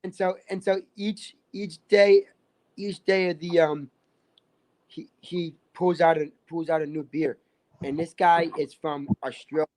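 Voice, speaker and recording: A man's voice: a little high, fairly even intonation, a little slow, darkish tone. Rambling man telling a story. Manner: rambling, many restarts and "like"s. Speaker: livestream guest. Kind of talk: casual storytelling chat.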